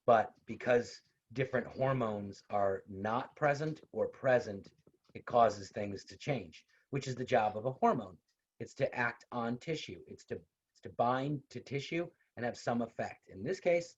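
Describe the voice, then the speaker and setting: Speaking at a normal speed in a lowish, husky voice, a university instructor runs a casual online class over a video call. His delivery is conversational, with repeated points and personal asides, and the audio is dull and lo-fi.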